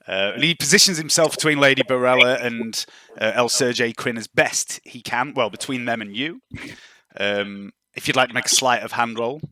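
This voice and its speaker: A man runs a tabletop game, chatty and relaxed, often pausing mid-sentence. His voice is bright and sits close and dry on the mic. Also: mid-range voice, no echo. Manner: laid-back, chatty, halting. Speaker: game master.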